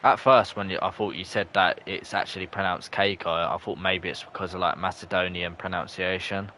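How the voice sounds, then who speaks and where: A young man, streaming live, commenting on the match and chatting with viewers, breaking into shouts at close chances. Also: sits low, steady tone, fairly quick, a little hiss or hum. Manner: chatty, bursts into shouts at near misses. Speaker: gaming streamer. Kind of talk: live gameplay commentary and chat reading.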